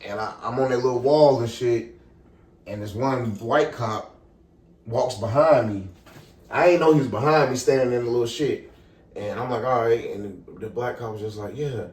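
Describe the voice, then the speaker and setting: A young man casually telling a story on a podcast, animated and profane, acting out the people in it. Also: medium pitch, moderate pace. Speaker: podcast co-host. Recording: echoey room, far from the mic.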